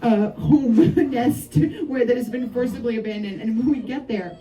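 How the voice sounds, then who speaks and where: Brief: woman author, warm dark tone, chatty anecdotal storyteller, recorded from across the room. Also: on the high side, normal speed, far from the mic, a little hiss or hum, low-quality recording. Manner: lively anecdotal, frequent laughs and asides. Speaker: novelist discussing her book. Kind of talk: storytelling talk at a book event. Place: bookshop event.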